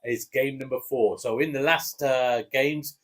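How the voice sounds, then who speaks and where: Man, English accent, casual chat, relaxed, hesitant with fillers, mid-pitched. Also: unhurried. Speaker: co-host giving match predictions.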